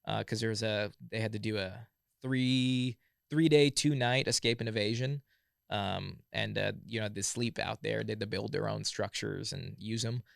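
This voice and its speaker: A man in his thirties from Southern California, telling stories as a podcast guest in a relaxed, rambling way full of "like" and "yeah, yeah, yeah.". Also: fairly low pitch, moderate pace, gravelly, dry recording, clean studio sound. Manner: laid-back, full of "like" and "yeah, yeah, yeah". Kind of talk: casual storytelling chat.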